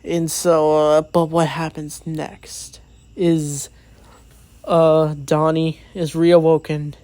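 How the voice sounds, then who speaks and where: A man's voice: a little high, completely flat delivery, takes it slowly, mellow, no echo. A man giving a casual, rambling movie review, recapping the plot with many fillers and quoted lines.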